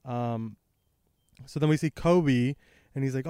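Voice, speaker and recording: Young guy rambling through a comic recap outside, smooth dry voice, lots of ums, some wind on the mic. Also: medium pitch, normal speed, dark tone, no echo. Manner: rambling, filler-heavy, laid-back. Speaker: podcast host. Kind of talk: casual comic chapter recap. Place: outdoors by a creek and tree line. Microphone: handheld microphone exposed to wind.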